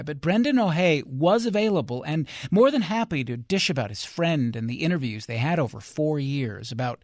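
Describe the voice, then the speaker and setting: Male radio host, mid-pitched, dry close studio sound, measured questions. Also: gravelly, dry recording. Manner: measured, laughs easily, long framing questions. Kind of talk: public radio interview.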